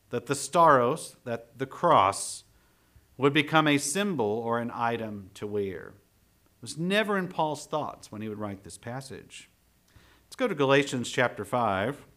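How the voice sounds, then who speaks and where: A man delivering a sermon at a mid pitch. He speaks in a steady, measured way, leaning on key words and reading scripture passages aloud. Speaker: preacher.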